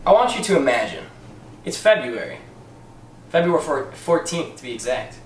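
Brief: profane comic cooking host, man, lively and loud, roomy noisy recording. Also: medium pitch, normal speed. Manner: profane, joking, mock-instructional. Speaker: comedic cooking show host. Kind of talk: crude comedic cooking demo. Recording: echoey room, distant mic, noisy.

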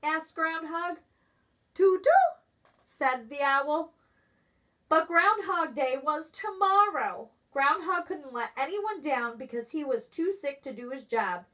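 A preschool teacher reading a picture book aloud, pausing to ask the children questions. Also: female voice, high voice. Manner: expressive, asks children questions. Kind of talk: storybook read-aloud for preschoolers.

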